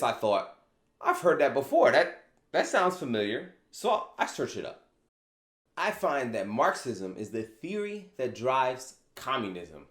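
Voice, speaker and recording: A man hosting his own opinion commentary vlog, animated and sarcastic, asking rhetorical questions. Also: medium pitch. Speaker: channel host. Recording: echoey room.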